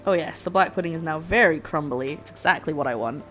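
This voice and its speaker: Deep-voiced and a bit bright, a young woman talks fast as she streams her home cooking, chatting and rambling to viewers. Faint music can be heard in the background.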